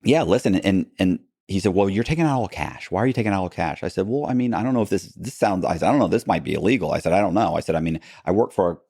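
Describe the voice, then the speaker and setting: Man, low voice, animated storytelling, quoted dialogue, dry close sound. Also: fast talker, few pauses, husky, no room sound. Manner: animated retelling with quoted dialogue and frequent restarts. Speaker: podcast guest, former con man. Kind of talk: storytelling in a long-form interview.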